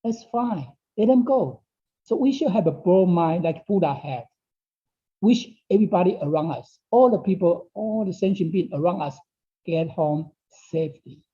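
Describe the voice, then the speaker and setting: Dark-voiced man teaching a Dao class. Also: high voice, lively intonation, normal speed. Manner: repeats phrases, asks "okay?" often; non-native English phrasing. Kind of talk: online Dao study class talk. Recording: dull lo-fi online class audio.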